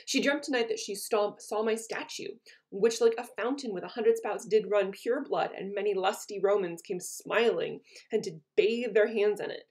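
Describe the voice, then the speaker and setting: A woman's voice: mid-range voice, normal speed, a little mellow. A woman teacher reading lines from a play aloud and retelling them in casual everyday words for her students. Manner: casual paraphrase.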